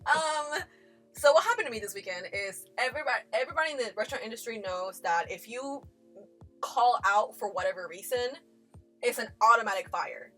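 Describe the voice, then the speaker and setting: A woman co-hosting a podcast, telling a story in a loud, profane, laughing way. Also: a little high, a little fast, soft background music. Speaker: podcast co-host. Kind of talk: casual storytelling chat.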